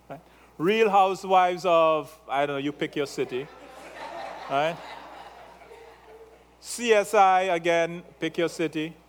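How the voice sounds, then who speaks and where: A male pastor with a slightly raised voice and an accent delivers a sermon at an unhurried pace. He teases his congregation in a playful way and keeps checking in with them. His delivery is loose and conversational rather than formal. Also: fairly high pitch. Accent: non-native English. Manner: playful, teasing the congregation, tag questions.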